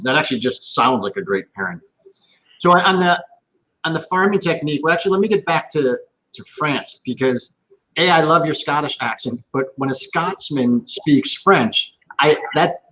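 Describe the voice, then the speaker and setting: A man's voice: fairly high pitch, lively intonation, normal speed, pushed and bright, a little hiss or hum, poor audio. A man hosting a wine tasting interview, enthusiastic and often restarting his sentences. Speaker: host. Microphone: video call.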